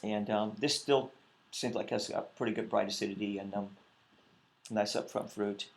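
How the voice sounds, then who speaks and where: A male winemaker talking casually at a wine tasting, relaxed and hesitant, with many pauses and ums. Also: on the low side, gravelly.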